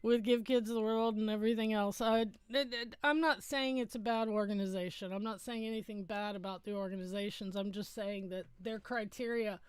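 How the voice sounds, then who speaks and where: A woman's voice: mid-range voice, steady tone, brisk, few pauses, darkish tone, clean tone, dry recording. A middle-aged woman hosting a casual livestream from home, chatting in a rambling way and correcting herself as she goes.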